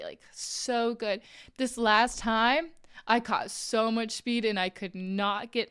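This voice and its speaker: A young woman streamer telling a story in a casual, animated chat, with lots of "like"s while she crafts on a live stream. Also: fairly high pitch, smooth. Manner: chatty, animated, many "like"s, acts out quoted voices. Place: home streaming setup, crafting while talking.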